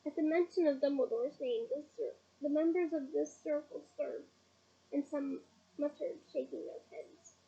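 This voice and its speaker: A woman reading a novel chapter aloud in a steady, deliberate storytelling manner. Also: high voice, gravelly, lo-fi sound. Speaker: reader. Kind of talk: audiobook reading.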